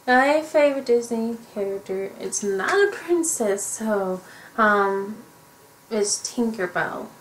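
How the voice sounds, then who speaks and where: A woman's voice: on the high side, animated, takes it slowly, reverberant, a little hiss or hum, poor audio. A young woman in a casual podcast chat, sassy but drowsy and yawning from lack of sleep. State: tired, yawning. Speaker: podcast guest, gamer.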